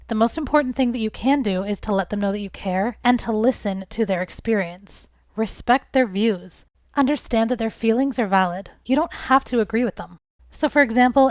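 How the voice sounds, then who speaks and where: A young woman talks through relationship advice in an earnest, reassuring way, walking through examples step by step. Her voice sits at an ordinary middle pitch for a woman. It is recorded close and dry, with no room sound. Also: no echo. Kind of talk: casual advice talk to camera.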